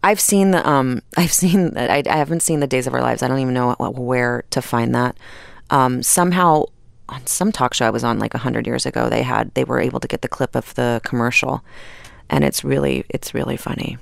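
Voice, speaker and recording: Chatty woman with gravelly fry. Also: rumbling low, a little fast, no room sound. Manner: chatty, rambling with fillers and restarts, laughs often. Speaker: actress, interview guest. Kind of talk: casual interview conversation.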